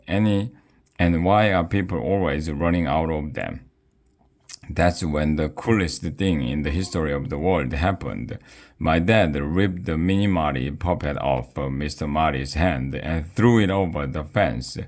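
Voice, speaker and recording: A man reading a children's book aloud with a playful, expressive narration. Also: very deep voice, a little slow.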